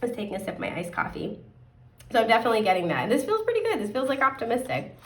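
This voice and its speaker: A woman giving a casual tarot card reading, chatty and upbeat, her voice a bit hoarse and often clearing her throat. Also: fairly high pitch, wildly swooping pitch, rapid-fire, echoey room, distant mic. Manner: chatty, upbeat, rambling with fillers.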